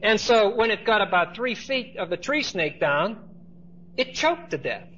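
A man's voice: high-pitched, very animated, a little slow, dull audio, noisy background. A man preaching a sermon as pastor, telling stories in a conversational way with asides to the congregation.

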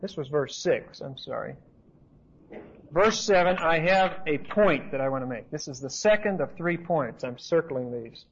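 A man's voice: a little high, lively intonation, measured pace, slight background noise. A man teaching a Bible study in an emphatic, repetitive, conversational way. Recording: dull lo-fi recording.

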